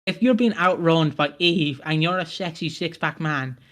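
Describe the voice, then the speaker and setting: Rambling man, rather high. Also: normal speed, fairly bright tone. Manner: rambling, laughing, self-correcting. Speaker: podcast co-host. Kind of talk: casual recap chat.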